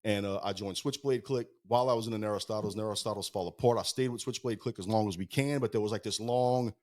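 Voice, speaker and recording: This is a rapid-fire man with a lowish voice, recorded in a podcast studio. He tumbles from one band anecdote to the next, peppering every sentence with swears. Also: darkish tone. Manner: fast-talking, heavy swearing, rambling anecdotes. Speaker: guest musician. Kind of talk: casual storytelling.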